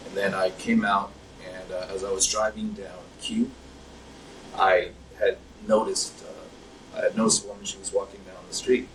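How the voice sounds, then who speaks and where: A young man with a low voice tells his account in a hesitant, rambling way, full of fillers. He sits some distance from the mic. Faint background noise runs under the recording. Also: normal speed. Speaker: interview subject. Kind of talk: recounting events in an interview. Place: interrogation room.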